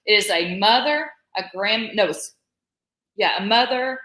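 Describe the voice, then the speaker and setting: Slightly slow and expressive, a medium-pitched, somewhat bright voice belongs to a Southern US woman in her forties. She co-hosts a casual live stream, chatting in a rambling way and laughing frequently, with echo in the room.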